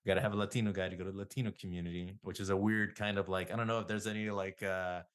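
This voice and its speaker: A man's voice: low voice, level tone, very fast, clear, resonant tone. A middle-aged man, a psychotherapist guest, telling rambling self-deprecating stories in a casual interview.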